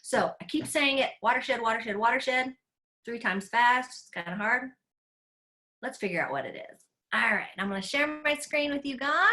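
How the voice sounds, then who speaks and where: A woman's voice: fairly high pitch, bright, forceful tone. A woman from Tennessee hosting a live online class for children as an aquarium educator. She is playful and enthusiastic and talks straight to the kids over a computer mic.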